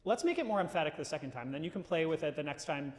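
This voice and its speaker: A man coaching a singer in a live masterclass, casual and animated, breaking into sung phrases to show what he means. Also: fairly high pitch, quick pace. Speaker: voice teacher leading a masterclass. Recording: roomy hall reverb.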